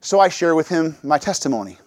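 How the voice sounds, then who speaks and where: A man's voice: a little high, a little fast, dry recording. A middle-aged man giving a church talk, telling personal stories and acting out what he and others said. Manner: lively storytelling, acts out his own quotes. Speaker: church speaker.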